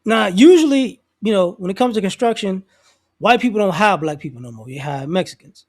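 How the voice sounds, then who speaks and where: A man's voice: high-pitched, expressive, a little fast, darkish tone. A man talking off the cuff in a loose, slangy way, restarting his sentences as he shares his views on society. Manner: acts out other people's voices in quotes. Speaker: commentator. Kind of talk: casual social commentary monologue.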